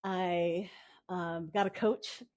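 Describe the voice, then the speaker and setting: Expressive woman telling a story live. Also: fairly low pitch, drawn-out words. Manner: expressive, laughs often while telling. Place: cafe event in the mountains.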